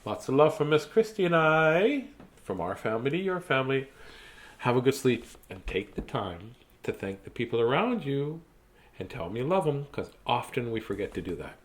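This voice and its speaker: A man's voice: mid-range voice, very animated, moderate pace. Goofy guy doing bedtime sign-off, voice bouncing up n down. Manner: goofy, playful, warm sign-off. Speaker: bedtime story reader. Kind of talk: casual bedtime chat to viewers.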